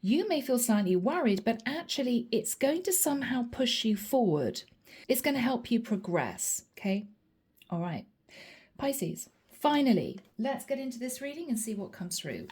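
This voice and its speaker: A woman's voice: fairly high pitch, big pitch swings, normal speed, darkish tone, breathy edge. A woman giving a chatty spiritual reading straight to camera, often calling the listener by their star sign. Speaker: tarot reader.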